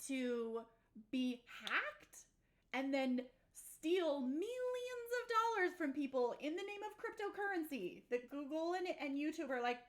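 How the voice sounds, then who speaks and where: A woman's voice: sits high, fairly bright tone. A young adult woman hosting a casual livestream chat, bubbly and giggly, exclaiming often. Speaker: livestream host.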